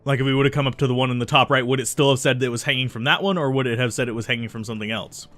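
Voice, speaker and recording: Bright-voiced man musing over gameplay. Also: medium pitch, steady tone, very fast, soft background music. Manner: musing, reads game text aloud, frequent ums. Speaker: let's play host. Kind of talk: casual gameplay commentary.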